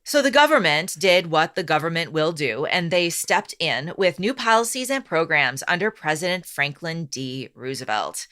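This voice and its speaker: Bright-voiced woman telling history. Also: low-pitched, expressive. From Chicago South Side. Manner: reads from notes, teasing and brisk with her co-host. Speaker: podcast co-host, storyteller. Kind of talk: casual podcast chat, reading a history story.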